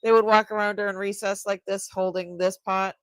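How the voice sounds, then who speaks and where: An older woman hosting a live jewelry sale stream, chatting casually and warmly with her viewers. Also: medium pitch, little pitch movement, a little fast, smooth, no echo. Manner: chatty and warm-hearted, easily moved.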